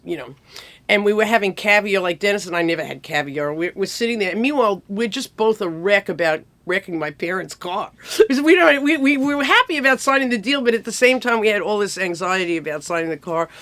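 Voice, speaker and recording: A woman in her sixties telling lively stories from her music career, acting out people as she goes. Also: medium pitch. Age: 60s. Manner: animated, acts out people in quick impressions. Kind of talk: casual storytelling.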